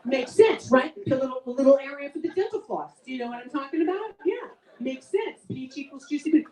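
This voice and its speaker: Before a live audience in an event room, a middle-aged comedian delivers a chatty stand-up routine full of self-mockery. She sounds animated and fast, with a darkish tone and wide swings in pitch, and she's recorded from a distance, off-mic, with room echo.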